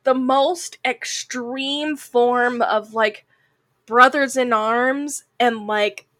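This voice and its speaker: A woman's voice: fairly high pitch, fairly even intonation, drawn-out words, fairly bright tone, dry recording. A woman co-hosting a casual anime discussion podcast, chatty and full of "like" fillers, sounding a bit like a Valley girl. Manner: chatty, heavy use of "like" fillers. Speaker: podcast co-host.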